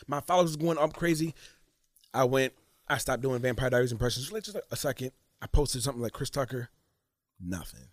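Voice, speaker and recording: A man in casual podcast chat, telling animated stories about his impressions. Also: mid-range voice, fast talker, dry recording, studio quality. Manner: animated storytelling, slips into voices.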